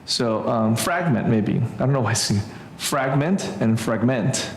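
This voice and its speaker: A man teaching a relaxed church Greek class, thinking aloud with many fillers and restarts. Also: lowish voice, moderate pace, gravelly, echoey room, slight background noise. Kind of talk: informal church class lesson.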